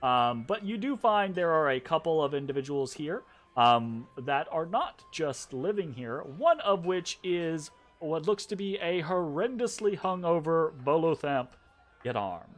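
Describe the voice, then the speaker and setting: A man's voice: a little high, lively intonation, measured pace. A man narrating a tabletop game as game master, in a casual, rambling way. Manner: casual, filler-heavy narration.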